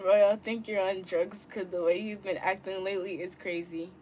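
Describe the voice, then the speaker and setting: A bubbly young woman streams live from her bedroom, chatting with viewers and answering their comments. She is giggly and playful, jumping from loud outbursts to quiet mumbles. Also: mid-range voice, steady tone, moderate pace, a little hiss or hum.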